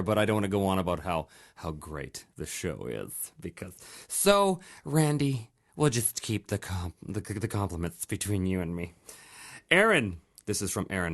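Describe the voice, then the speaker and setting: Lively low-voiced man reading listener mail. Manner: reads listener mail aloud, laughing often. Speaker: podcast host. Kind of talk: casual podcast chat.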